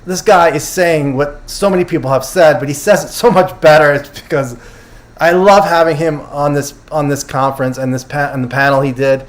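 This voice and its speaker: Guy hosting a casual livestream recap, kinda high voice, rambly, fixes his own words a lot. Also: fairly even intonation, moderate pace. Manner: chatty, quotes speakers loosely, self-correcting. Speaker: host summarizing a conference.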